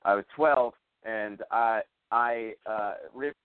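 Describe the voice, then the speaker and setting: A man's voice: on the low side, slow pace, smooth. A man hosting a casual radio show, rambling and joking crudely. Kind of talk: casual banter. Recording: dry tinny phone-like sound.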